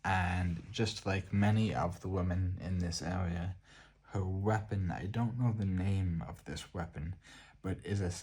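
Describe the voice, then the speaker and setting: An Irish man hosting a soft-spoken art book showcase, relaxed and hesitant, pausing often with fillers. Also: low-pitched, slightly rough. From Ireland. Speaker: art book channel host.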